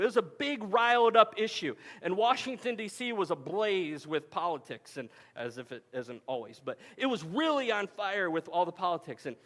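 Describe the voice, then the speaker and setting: A man's voice: high voice, fairly bright tone. A man in his forties preaching a sermon at a family camp, telling stories in a conversational way with frequent restarts. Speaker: pastor. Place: camp meeting hall.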